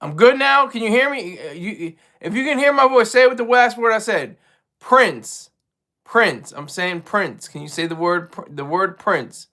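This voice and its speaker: Bright, high-voiced man rambling casually. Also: lively intonation, normal speed. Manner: rambling, self-deprecating, many restarts. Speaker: livestream co-host and regular caller. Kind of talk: casual livestream chat.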